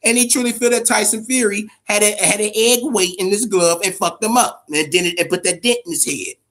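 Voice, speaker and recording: A man's voice: high voice, brisk, fairly bright tone. A man hosting a boxing podcast, talking in a loose, profane, emphatic way and repeating words as he gets going. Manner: addresses chat viewers directly. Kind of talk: casual live-stream commentary.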